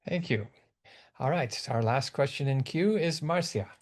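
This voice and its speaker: A man's voice: mid-range voice, expressive, a little slow, darkish tone. Man moderating a webinar Q&A.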